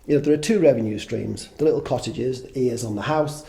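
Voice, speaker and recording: Gravelly, mellow-voiced man in his fifties. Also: medium pitch, a little fast. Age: 50s. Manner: rambling, swears freely, self-deprecating. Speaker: podcast guest. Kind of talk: casual conversation.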